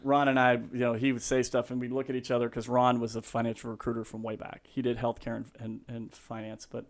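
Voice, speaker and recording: A man's voice: mid-range voice, monotone, fast talker. A man in his fifties, a realtor telling stories as a podcast guest in a rambling, laughing way with many fillers and restarts. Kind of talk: casual storytelling.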